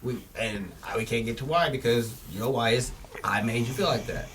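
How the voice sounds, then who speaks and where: A man's voice: mid-range voice, moderate pace, a bit bright, recorded from a distance, a little hiss or hum, poor audio. A man co-hosting a podcast, speaking emphatically and profanely about what love looks like. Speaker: podcast co-host. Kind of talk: casual chat.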